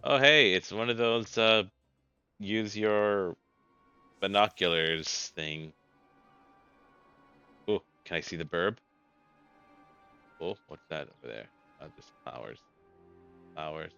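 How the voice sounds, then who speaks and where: Low voiced guy rambling thru a game playthrough, crisp punchy voice, jokey, lo-fi audio w faint music. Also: slow, long pauses, sharp tone. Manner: rambling, self-correcting, joking. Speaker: let's play gamer. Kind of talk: casual gameplay commentary.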